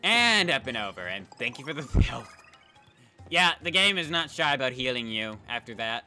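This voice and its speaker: Casting: joking young gamer, lively, bright and sharp delivery, soft game music behind. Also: male voice, mid-range voice, normal speed. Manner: wry, joking and animated. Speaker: let's play commentator. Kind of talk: casual gameplay commentary.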